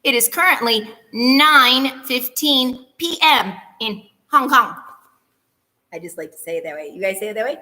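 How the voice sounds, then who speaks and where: With a bright, forceful, fairly high voice, a female teacher runs a lighthearted children's morning meeting at normal speed, barely pausing. She teases herself and hums or sings little tunes between activities, and the space sounds large.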